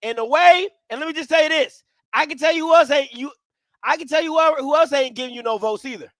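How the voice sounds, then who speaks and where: A man's voice: very high voice, quick pace, a bit bright, no echo, clean studio sound. A man hosting a live reaction stream, talking in a blunt, slangy, joking way with lots of energy. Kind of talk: casual live reaction commentary.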